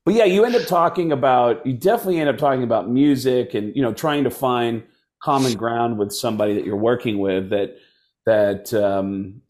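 Animated male comedian telling stories. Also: mid-range voice. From United States. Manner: animated, does quick voices mid-story, laughs through anecdotes. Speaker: guest comedian. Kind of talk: casual storytelling.

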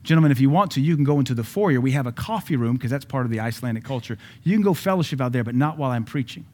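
A man preaching a sermon in a voice of middle pitch. He drops to quiet, quick asides, then builds to loud, high peaks. Scripture comes out slow and stressed. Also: animated. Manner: reads scripture slowly with emphasis. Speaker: pastor.

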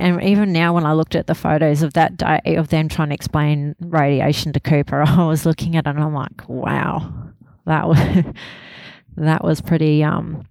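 A woman in her thirties, a grieving mother speaking candidly in an interview, halting and laughing softly through painful memories. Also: low-pitched, vocal fry, no echo. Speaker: interview guest, bereaved mother. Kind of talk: emotional personal interview.

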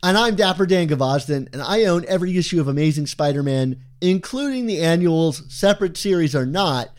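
On a fan podcast, a male co-host chats casually in a playful, wordy, self-deprecating way. His voice is fairly high and expressive, his pace fairly quick, and his S sounds come out a little heavy.

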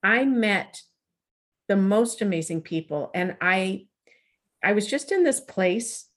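A middle-aged woman telling a personal story in a conversational interview, lively and acting out the dialogue she quotes. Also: medium pitch, takes it slowly. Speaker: guest.

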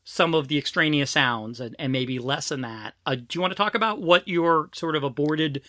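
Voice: medium pitch, normal speed, sharp tone, no room sound, studio quality. A podcast host chatting casually and poking fun at himself, who sometimes giggles. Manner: self-deprecating, giggly.

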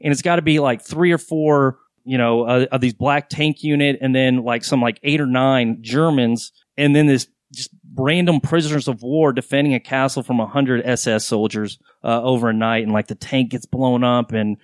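A man's voice: mid-range voice, fairly even intonation, moderate pace, few pauses, no echo. Rambling candid man, dry sound. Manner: rambling, candid storyteller with swearing. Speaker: podcast host. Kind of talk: casual podcast chat.

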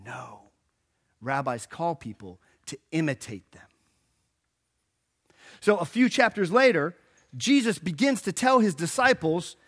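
Guy preaching a sermon, jokey and casual, acts out the story, voice up high and swinging around a lot. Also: a little slow. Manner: animated storytelling, acting out quotes; casual and joking. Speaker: pastor. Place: church.

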